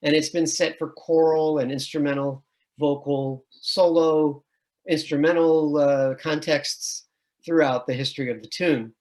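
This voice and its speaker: A middle-aged man gives an admissions webinar as a music education professor. His voice sits a little high for a man, and he explains patiently, breaking into sung and chanted syllables to demonstrate. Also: fairly even intonation, unhurried, a little mellow. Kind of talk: online admissions webinar presentation.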